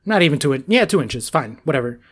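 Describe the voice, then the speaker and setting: Animated New man, casual chat. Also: a little high, fast talker, breathy edge. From New York. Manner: animated, laughing, swears freely.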